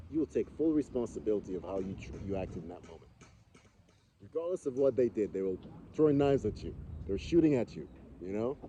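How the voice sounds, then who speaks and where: This man's voice sits on the low side and sounds mellow. Co-hosting a podcast amid background noise, he talks in a casual yet earnest, philosophical way, often repeating phrases to stress a point.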